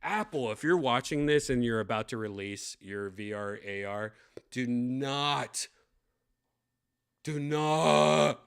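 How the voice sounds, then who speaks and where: A man's voice: medium pitch, measured pace, fairly bright tone, clear, resonant tone. A young man giving blunt, profane unboxing commentary, ranting with lots of fillers. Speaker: tech vlogger unboxing a VR headset.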